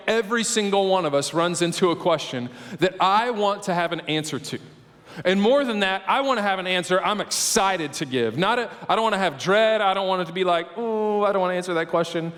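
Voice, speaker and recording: A middle-aged man preaching a sermon as pastor, telling stories in an animated, conversational way with frequent asides. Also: sits high. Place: church auditorium. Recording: long hall reverb.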